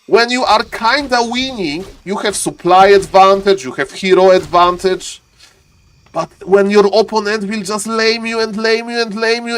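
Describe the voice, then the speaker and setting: Excitable man casting a strategy game. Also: moderate pace, clean tone. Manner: excitable, swings from calm chatter to high-pitched shouting; repeats words in bursts, talks straight to viewers. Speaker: game caster and streamer. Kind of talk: live esports commentary.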